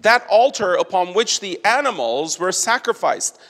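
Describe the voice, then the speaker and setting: A man preaching an expository sermon, deliberate and building to emphatic stresses. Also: high voice, expressive, a bit bright, husky. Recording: long hall reverb.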